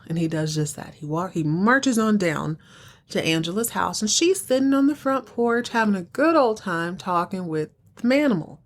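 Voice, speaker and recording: A woman hosting a podcast, recapping a TV episode in a chatty, animated storytelling way. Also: mid-range voice, normal speed. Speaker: podcast host.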